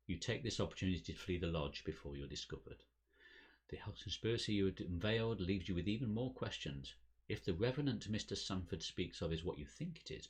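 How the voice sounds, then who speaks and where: A man reads the story text of a card game scenario aloud for a podcast, steady and measured. His voice is very deep and husky.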